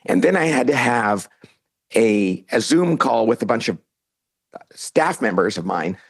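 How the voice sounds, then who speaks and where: A man's voice: medium pitch, animated, unhurried, vocal fry, husky. A middle-aged man, a guest on a podcast, telling a story in a casual interview and acting out the lines he quotes. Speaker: podcast guest, author and CEO.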